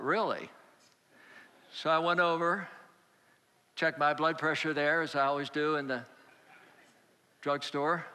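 A male pastor preaching a sermon, telling a personal story slowly and acting out the dialogue. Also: on the high side, pushed and bright, big-room sound. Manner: slow, storytelling, acts out dialogue.

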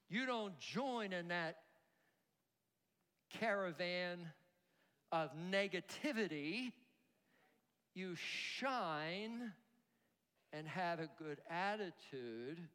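Preaching as pastor in a high, clean voice, a man animatedly leads his congregation in call-and-response. The recording has a long hall reverb.

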